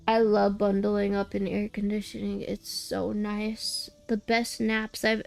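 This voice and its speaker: A woman's voice: mid-range voice, creaky. A young woman streaming a game, chatting casually and rambling with many restarts. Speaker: VTuber streamer.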